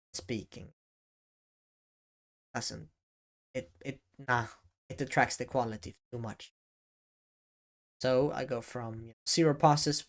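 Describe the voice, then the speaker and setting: A man talking to the camera in a casual advice vlog, often halting and correcting himself as he goes. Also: mid-range voice. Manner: halting, self-correcting, varies emphasis. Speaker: YouTube creator. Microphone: camera facing speaker.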